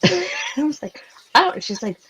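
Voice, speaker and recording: A woman in her forties in casual chat, telling personal stories in an animated way, filling her speech with "like" and acting out dialogue. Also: high-pitched, slow, low-quality recording. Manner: animated, many "like"s, acts out quoted dialogue. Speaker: co-host.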